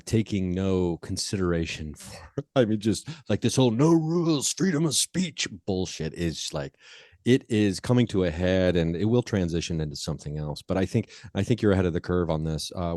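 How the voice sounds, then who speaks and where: An Ohio-born podcast host chats casually with a guest, wandering through his thoughts with many fillers and restarts. His voice is deep with a darkish tone, captured in clean studio sound without any room echo.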